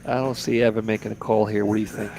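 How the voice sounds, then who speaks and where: A man's voice: on the low side, flat delivery, fast, vocal fry, darkish tone. A man giving easygoing, chatty live commentary on a poker table from a booth. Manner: chatty, easygoing, repeats words. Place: commentary booth at a card room.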